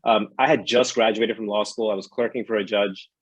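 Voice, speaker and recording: Hesitant man, husky and dry. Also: fairly low pitch, fairly even intonation, a little fast, no room sound, rough recording. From New York. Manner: hesitant, repeats words while searching for thoughts. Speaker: guest. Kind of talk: casual podcast chat.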